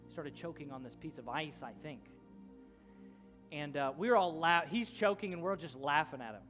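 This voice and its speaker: A man's voice: on the high side, animated, moderate pace, faint music behind. A man in his thirties preaching a sermon as a pastor, telling a story in a loose conversational way with many restarts. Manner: storytelling, rising to loud shouting at the climax.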